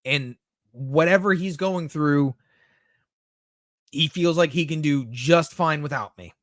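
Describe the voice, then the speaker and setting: A young man talks casually to his live-stream chat, reading messages aloud and answering them with candid, swear-laden replies. His voice sits a little high for a man. The sound is dry and close, with no room echo. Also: a bit bright.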